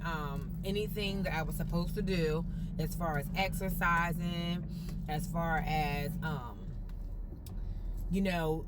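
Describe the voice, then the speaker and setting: A woman's voice: fairly low pitch, slight background noise. Chatty woman live-streaming from a car. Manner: chatty, greets viewers by name, folksy and upbeat. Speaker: vlogger. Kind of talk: casual live-stream chat.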